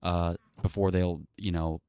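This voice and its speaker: A man's voice: sits low, level tone, a little slow, warm tone, clean tone, no echo. A man talking in a casual solo monologue, rambling and sarcastic, with lots of fillers and swearing. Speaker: channel host.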